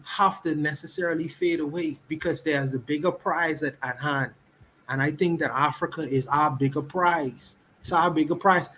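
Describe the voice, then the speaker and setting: Bahamian man on a podcast livestream, high voice, forceful and repetitive. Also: husky, low-quality recording. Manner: emphatic, repeats key words for stress.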